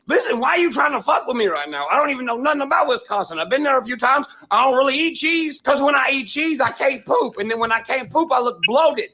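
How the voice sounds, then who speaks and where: A man in a comedic rant, shouting and swearing constantly in a crude, mocking way. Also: extremely high pitch, animated, fast, few pauses. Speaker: comedic video creator.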